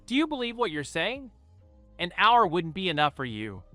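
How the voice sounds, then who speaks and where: A man voicing a hot-tempered teenage male ninja who talks loud, demanding and whiny. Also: high-pitched, huge pitch swings, moderate pace, dry recording, faint music behind, voice pushed up, heavily acted.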